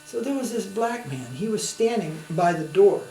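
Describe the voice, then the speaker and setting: With a high-pitched, warm, expressive voice at normal speed, a swami delivers a spiritual talk full of anecdotes. His manner is conversational, using tag questions to draw listeners along. A faint hum sits in the roomy recording.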